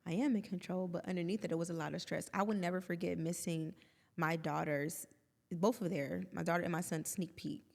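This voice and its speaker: A woman's voice: lowish voice, fairly even intonation, a little fast, creaky, darkish tone, big-room sound. A woman in her thirties, co-hosting a podcast, chatting openly and expressively with quoted asides. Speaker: podcast co-host. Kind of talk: candid conversational podcast chat.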